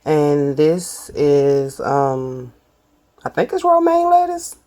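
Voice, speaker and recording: A woman's voice: low voice, wildly swooping pitch, takes it slowly, warm tone. A woman, chatting casually to viewers while she builds and tastes a burger in a cooking vlog. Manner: chatty, addresses viewers as y'all. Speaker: cooking vlogger.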